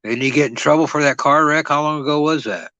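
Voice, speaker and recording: A man co-hosting a live-stream chat in a bright, forward voice, relaxed and musing as he works things out aloud. The sound is dry and close, with no echo. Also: fairly high pitch, fast talker, dull audio. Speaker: co-host.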